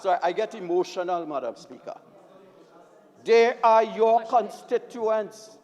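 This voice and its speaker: A man with a Trinidadian accent giving an impassioned, emphatic parliamentary debate speech, repeatedly addressing the Speaker from a desk microphone. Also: sits high. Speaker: member of parliament. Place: parliament chamber. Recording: long reverb of a debating chamber.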